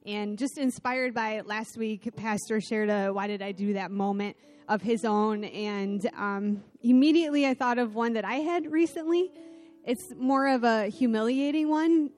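Middle-aged woman preacher, a touch high-pitched, lively self-mocking sermon storytelling, faint music underneath. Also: moderate pace. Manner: animated, self-deprecating storyteller. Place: church sanctuary.

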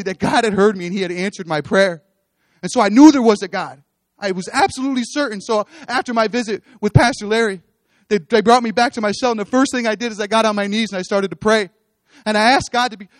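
A man's voice: high voice, no room sound, studio quality. A man with children giving an earnest testimony sermon on a church stage, repeating his phrases as he builds toward exhortation. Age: adult, with children.

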